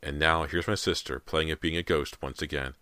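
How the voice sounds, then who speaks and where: A man voicing a frightened, desperate teenage girl in an audiobook, lifting his voice high to plead and cry out. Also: steady tone, fairly quick, sharp tone, clear, resonant tone, no echo. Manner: high, cries out shrilly.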